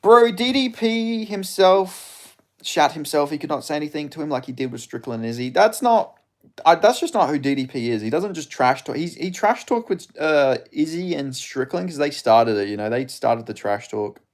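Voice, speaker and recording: A man's voice: fairly high pitch, animated, moderate pace. Man rambling on a live stream. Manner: rambling, answers chat questions. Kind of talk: casual live-stream chat.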